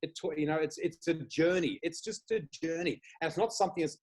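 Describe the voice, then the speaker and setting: An Australian man, a flower reader appearing as a guest, chats casually in a fairly high, brisk, slightly rough voice. He's an animated storyteller who tells lively tales, laughs a lot and swears without a second thought.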